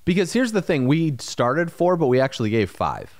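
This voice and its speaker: A man in his thirties co-hosting a podcast, talking casually and giving advice with quick asides. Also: fairly high pitch, very animated, a little mellow, no echo, clean studio sound. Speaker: podcast co-host. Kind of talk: casual chat.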